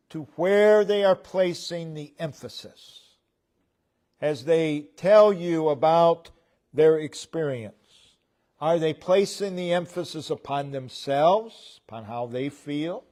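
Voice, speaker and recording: A man delivers a sermon in a church at an unhurried, measured pace. His voice sits slightly high for a man, and he breaks his points into short phrases that fall away at the ends. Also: a little mellow. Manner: slow, deliberate preaching with pauses between phrases. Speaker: preacher.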